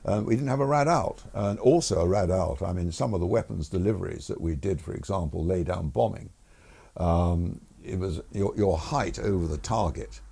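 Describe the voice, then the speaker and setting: An older man, a retired air force officer telling stories in a relaxed interview, chuckling and restarting as he goes. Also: deep voice, normal speed, creaky, husky. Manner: chuckles through stories, many fillers and restarts.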